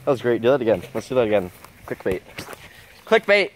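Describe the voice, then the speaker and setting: A young man filming a casual vlog outdoors in the countryside, joking around excitably and swearing often as he talks to his viewers. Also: fairly low pitch, rapid-fire, a little hiss or hum. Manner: excitable, jokey and heavily profane. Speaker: vlogger.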